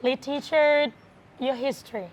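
A woman's voice: high voice, normal speed, a little hiss or hum. A woman whose first language is Thai, a bar owner answering interview questions in playful, non-native English.

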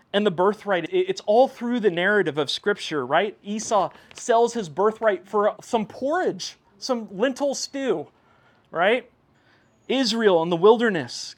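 A male pastor preaching a sermon in a conversational, animated way, swinging between hushed and loud. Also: high-pitched.

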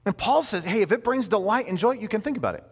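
Brief male pastor, 30s, lively pitch-swinging delivery, slightly high voice, long hall reverb. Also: fast, slightly rough. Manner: animated, conversational, with playful asides. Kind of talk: sermon.

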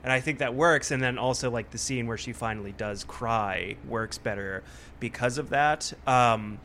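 A man co-hosting a casual movie review podcast, thoughtful and measured, laughing often. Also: mid-range voice, a bit bright, a little hiss or hum. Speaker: podcast co-host.

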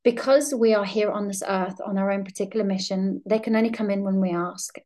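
A woman, a law of attraction coach telling personal stories in an earnest, gentle way on a spiritual podcast. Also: mid-range voice, fairly even intonation, fairly quick.

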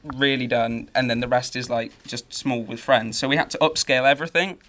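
A man's voice: mid-range voice, fairly even intonation, fairly quick, noisy background. A man, a young film director, answering at a live cinema Q&A in a casual, laughing manner full of "like". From England. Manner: casual, laughing, lots of likes. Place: cinema with an audience.

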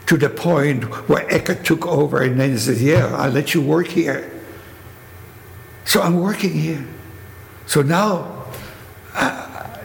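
An older man with a German accent tells his story vividly, now and then acting out the voices of people he quotes. His voice is heavily gravelly and sits a little high. The recording is echoey, with long reverb and faint background noise. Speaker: Holocaust survivor telling his story. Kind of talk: spoken testimony.

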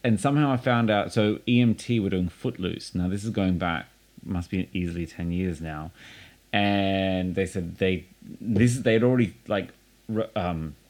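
Low-voiced man telling stories animatedly. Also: normal speed. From Australia. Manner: animated storyteller, acts out quotes. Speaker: podcast host. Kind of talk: casual chat.

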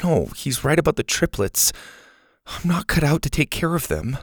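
A man's voice: on the high side, sing-song, normal speed, dry recording, studio quality, pitched above the performer's own voice. A man voicing an upset, frustrated young girl at camp, whiny and exasperated. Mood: despairing.

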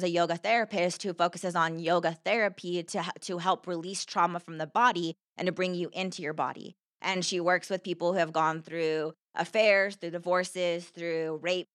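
Earnest woman with a low voice. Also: fairly bright tone, no room sound, clean studio sound. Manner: earnest, heartfelt, heavy use of "like". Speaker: podcast guest. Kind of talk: candid personal storytelling.

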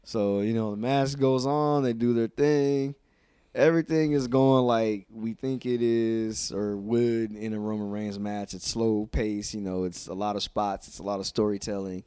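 A man co-hosting a podcast, chatting casually about wrestling in an animated, slangy way and breaking into joking voices. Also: lowish voice, clean tone, no room sound. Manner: animated, slangy, quick jokey voice impressions. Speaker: podcast co-host.

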